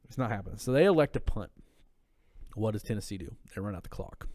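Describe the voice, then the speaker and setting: A man's voice: lowish voice, expressive, fast talker, a little mellow, no room sound. Profane, heated man telling a story. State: tipsy. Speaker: podcast guest. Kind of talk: casual drunk podcast chat.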